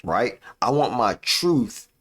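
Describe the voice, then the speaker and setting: A man hosting a live stream, giving a motivational talk with deliberate pauses and a habit of tagging sentences with "right?". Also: medium pitch, sing-song, a bit bright. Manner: preachy, repeats "right?" as a tag; uses deliberate dramatic pauses.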